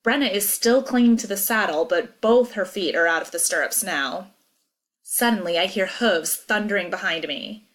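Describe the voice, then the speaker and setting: A woman teacher reading a chapter book aloud, acting out the dialogue expressively. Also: normal speed. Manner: expressive, acts out dialogue with big pitch jumps. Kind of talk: read-aloud storytelling.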